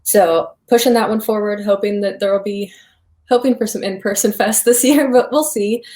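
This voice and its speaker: A young woman with a Midwestern accent, speaking at a middle pitch. She is an upbeat guest who laughs easily and sprinkles "like" through casual talk about her work. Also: fairly even intonation, moderate pace, dark tone. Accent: Midwestern American. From Iowa. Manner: upbeat, laughs often, says "like" a lot. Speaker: filmmaker guest. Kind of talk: casual interview chat.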